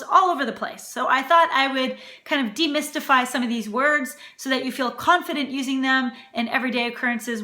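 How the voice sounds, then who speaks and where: Bright-voiced woman host, playful and relaxed. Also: fairly high pitch. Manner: relaxed, playful, teasing, repeats words to demonstrate pronunciation. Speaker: cooking channel host. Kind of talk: casual talk to camera. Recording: echoey room.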